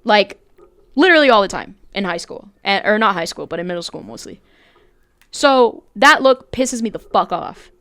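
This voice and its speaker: A young woman co-hosting a podcast in loose, rambling chat. She is blunt and curses freely as she tells her stories. Her voice is smooth, and the sound is close and dry. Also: medium pitch, expressive, moderate pace, fairly bright tone, no room sound. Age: young adult. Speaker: podcast co-host. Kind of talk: casual chat.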